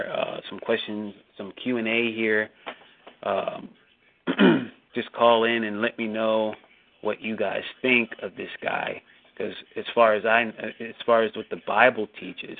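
A man hosting a call-in show, talking casually with many restarts and growing indignation. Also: on the low side. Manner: hesitant, repeats words, indignant. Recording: tinny phone-line audio.

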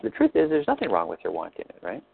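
A man with a low, gravelly voice leads a coaching session, asking patient, probing questions. The sound is dry and tinny, like a call line. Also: huge pitch swings, quick pace. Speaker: life coach leading a session.

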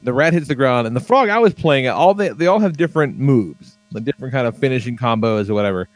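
A man's voice: medium pitch, expressive, fast talker, no room sound. A man chatting casually on a podcast, swearing freely and rambling with lots of fillers as he tells stories. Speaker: podcast co-host.

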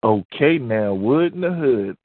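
A man's voice: medium pitch, animated, no echo. A man chatting casually and hesitantly, reacting to a poem on a call. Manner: slow, hesitant, with fillers. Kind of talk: casual chat. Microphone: video call. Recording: tinny phone-like call line.

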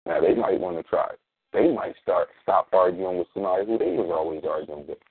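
A man hosting a casual talk radio show, plugging events in a relaxed, slangy way. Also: low voice, slightly rough, no room sound. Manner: laid-back slangy promos, spells things out slowly. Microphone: sits in a squeaky reclining chair. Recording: dry tinny phone-like line.

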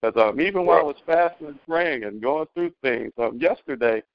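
A middle-aged man on a community call, telling a story as a testimony, animated, with many restarts. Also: a little high, a little fast, vocal fry, highs cut off, a little hiss or hum. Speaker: caller sharing a testimony. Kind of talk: casual spoken testimony.

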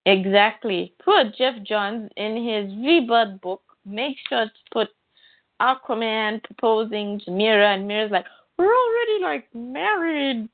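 A woman with a mid-range voice co-hosts a casual comic book podcast, speaking unhurriedly over a tinny, phone-like, dry line with no room sound. She's chatty and keeps quoting her own reactions with "I'm like."

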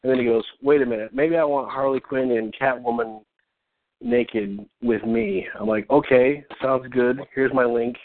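A man's voice: medium pitch, fairly even intonation, normal speed, no echo. A man hosting a casual talk show, rambling through a long story and acting out both sides of the conversations. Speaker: podcast host and artist. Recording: tinny phone-like dry sound.

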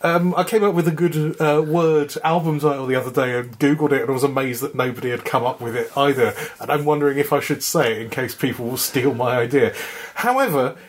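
A man's voice: medium pitch, steady tone, brisk, few pauses. A man co-hosting a casual podcast chat from home, talking loosely and laughing often as he goes. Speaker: podcast co-host. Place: flat at home.

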